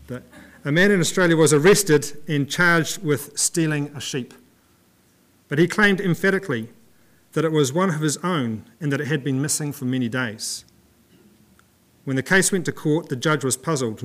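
A man's voice: medium pitch, a bit bright. A man preaching a sermon in a church, reading scripture and talking plainly to the congregation with some fillers and restarts.

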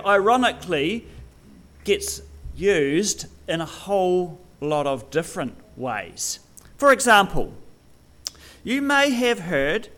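A man's voice: on the high side, a bit bright. A man giving a sermon to his congregation, joking with them and teasing people by name. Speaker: pastor.

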